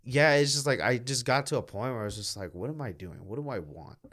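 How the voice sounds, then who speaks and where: A young man and stand-up comic, telling stories in a rambling, animated way and swearing often in casual podcast chat. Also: medium pitch, fast.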